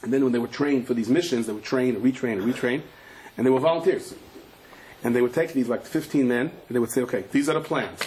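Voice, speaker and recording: A middle-aged man, a rabbi, giving a sermon full of animated, rapid storytelling. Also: mid-range voice, slight background noise.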